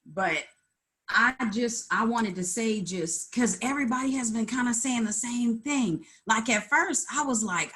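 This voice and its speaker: A woman's voice: on the high side, measured pace, fairly bright tone. Weary, earnest middle-aged woman. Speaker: call participant, artist. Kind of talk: candid group video call. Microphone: video call.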